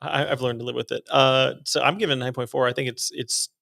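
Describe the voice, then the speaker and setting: Gravelly easygoing podcast man. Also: medium pitch, fairly even intonation, brisk, fairly bright tone, dry recording, studio quality. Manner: easygoing, wry, often laughing. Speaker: podcast co-host. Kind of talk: casual chat rating beers.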